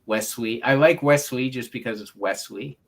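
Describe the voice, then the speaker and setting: A man hosting a casual podcast chat, relaxed and chiming in with short quips. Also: medium pitch, moderate pace, gravelly, a little hiss or hum. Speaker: podcast host.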